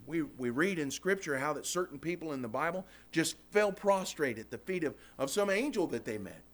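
A man preaching a sermon in a folksy, animated way, quoting scripture between plain talk. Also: fairly high pitch, brisk.

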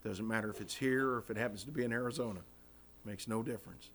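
A man's voice: lowish voice, fast, a little hiss or hum. A man preaching a sermon in church, impassioned, acting out prayers and calling the congregation "guys.".

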